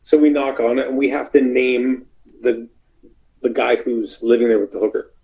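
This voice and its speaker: Gravelly-voiced man spinning a road story. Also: mid-range voice, normal speed, rough recording. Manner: animated, acts out quoted voices. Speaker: wrestler telling a road story. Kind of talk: casual storytelling.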